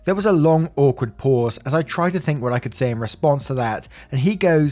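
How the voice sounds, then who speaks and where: A man's voice: mid-range voice, lively intonation, brisk, few pauses, darkish tone. A man narrating online stories aloud and adding his own commentary, chuckling as he goes. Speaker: story narrator.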